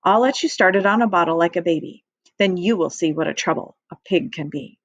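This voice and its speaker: A gentle but firm farmer father, as a woman reads his part speaks kindly and steadily. This storybook voice has a dry, close sound with no echo. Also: fairly low pitch, brisk, lo-fi sound.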